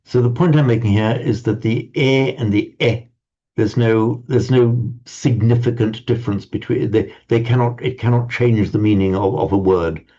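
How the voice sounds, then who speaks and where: A man's voice: mid-range voice, normal speed, mellow. A man teaching a language class, lecturing in a digressive way with frequent stammered restarts and wry asides. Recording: dull lo-fi recording.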